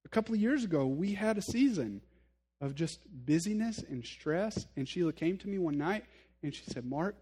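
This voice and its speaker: A man's voice: high voice, lively intonation, normal speed, dark tone, breathy edge. A male pastor giving a sermon in a conversational, earnest way, speaking straight to his listeners and poking fun at himself. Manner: conversational, self-deprecating humor; addresses listeners directly, earnest.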